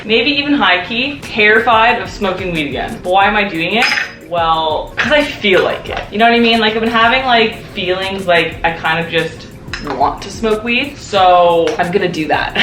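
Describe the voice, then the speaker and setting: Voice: mid-range voice, background noise. A young adult vlogger talking casually to camera, nervous and rambling, with lots of swearing. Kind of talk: casual vlog monologue. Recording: roomy echo, faint music.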